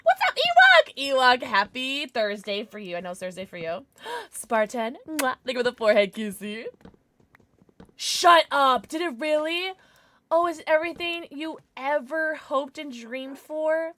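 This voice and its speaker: A woman streaming a game live, chatting with her viewers in an excitable, gushing way with frequent squeals. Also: sits high, unhurried.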